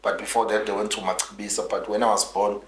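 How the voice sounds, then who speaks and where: A man's voice: fairly low pitch, little pitch movement, fast talker. A man, a politician being interviewed, telling his story in an earnest, rambling way full of restarts. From South Africa. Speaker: guest politician. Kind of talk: interview, recounting his life. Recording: roomy echo.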